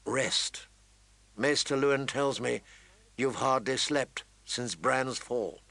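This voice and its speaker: A man reading an audiobook, voicing a calm young nobleman who speaks gently and quietly. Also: mid-range voice, slow, gravelly, dry recording, heavily acted. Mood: gentle. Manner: gentle, soft-spoken. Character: young nobleman, eldest son, calm and protective.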